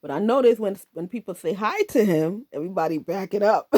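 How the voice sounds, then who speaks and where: Animated laughing woman telling a story. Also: medium pitch, fairly quick. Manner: animated, laughing often, quoting herself. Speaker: vlogger telling a personal story. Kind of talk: casual storytelling.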